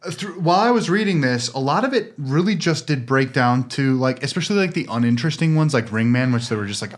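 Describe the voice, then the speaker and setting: A man co-hosting a podcast in casual banter, animated and swearing freely, sometimes reading aloud from a book. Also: mid-range voice, fast, few pauses. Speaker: podcast co-host.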